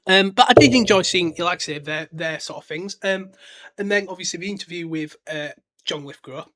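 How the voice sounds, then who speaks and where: A man's voice: sits high, a little fast, fairly bright tone. A man hosting a casual solo podcast, talking bluntly with lots of fillers and restarts. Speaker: podcast host.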